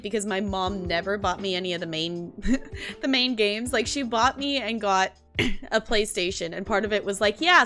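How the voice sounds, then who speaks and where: A young woman, chatting casually with her stream audience, rambling with lots of fillers and restarts. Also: mid-range voice. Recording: faint background music. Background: soft lo-fi music.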